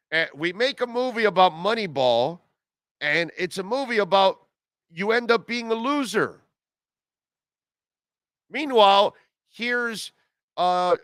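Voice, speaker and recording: A man's voice: high voice, fairly bright tone, clear, resonant tone, no echo, clean studio sound. A man hosting a live sports radio show, ranting sarcastically and reading listener comments. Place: car dealership live broadcast.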